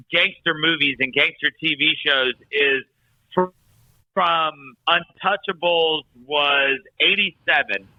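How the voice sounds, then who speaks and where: A man's voice: on the high side, no room sound, muffled recording. A man co-hosting a casual podcast chat, talking at length with many restarts. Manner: rambling, many restarts and fillers. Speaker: podcast co-host.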